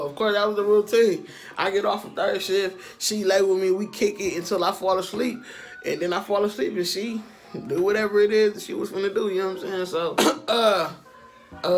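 A man telling a personal story in a casual vlog, slangy and profane, often turning to the listener to ask if they follow. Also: high voice. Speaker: storytime vlogger.

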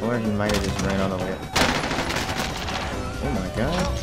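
A young man giving profane gameplay commentary, muttering to himself and then bursting into yelling. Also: fairly low pitch, moderate pace, loud music behind the voice. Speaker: gaming channel host.

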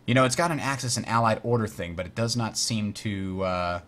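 A man hosting a board game tutorial, explaining rules in a chatty way and muttering while he works the software. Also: on the low side, a little fast. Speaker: host teaching a board game. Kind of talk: casual tutorial over online play.

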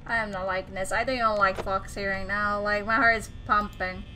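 Female horror game host, jittery self-talk, bright tense voice, faint hiss underneath. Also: mid-range voice, fairly even intonation, brisk. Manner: jittery, talks to the game's characters, nervous self-talk. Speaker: gaming video host.

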